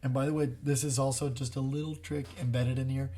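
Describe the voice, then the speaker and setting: A man's voice: medium pitch, level tone, fairly quick, warm tone. A man co-hosting a casual parenting chat, explaining tips earnestly and acting out what he says to his child. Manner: earnest, explanatory, acts out short quotes. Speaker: podcast co-host, father.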